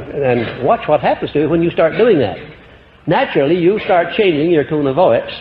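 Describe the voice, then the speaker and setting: A man from the United States giving a motivational lecture to a live audience, emphatic, swinging his pitch and loudness. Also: slight background noise. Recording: dull old archival tape in echoey hall.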